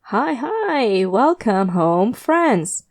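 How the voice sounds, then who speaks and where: A woman's voice: a little high, sing-song, drawn-out words, exaggerated voice. A woman reading a story aloud and voicing a nasal, gleeful, fawning man in a roach mask. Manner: gleeful, fawning, lip-smacking. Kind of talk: audio drama reading.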